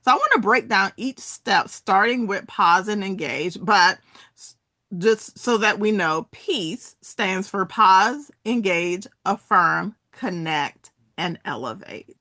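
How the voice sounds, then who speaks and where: A woman's voice: medium pitch, expressive, slow, sharp tone, dry recording, studio quality. A middle-aged woman presenting a wellness workshop, walking listeners through exercises and asking them to repeat phrases with her. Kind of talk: interactive wellness talk.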